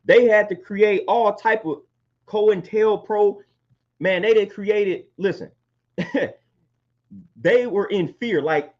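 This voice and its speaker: High-voiced guy ranting on a live stream, keeps repeating himself, muffled lo-fi sound. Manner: preachy, repeats phrases for emphasis. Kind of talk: impassioned monologue to live chat. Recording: dull lo-fi stream audio.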